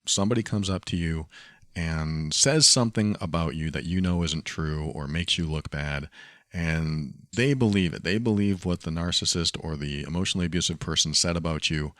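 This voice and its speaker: A man hosting a podcast, giving calm, coaching advice and repeating key phrases. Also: a bass voice, normal speed, no room sound, studio quality. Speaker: podcast host. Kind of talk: advice monologue.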